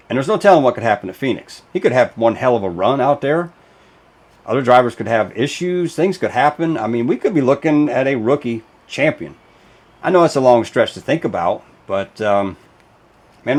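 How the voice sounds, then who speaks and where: A man hosting a racing show, talking casually and emphatically, with lots of fillers and restarts. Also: medium pitch. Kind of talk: casual commentary video.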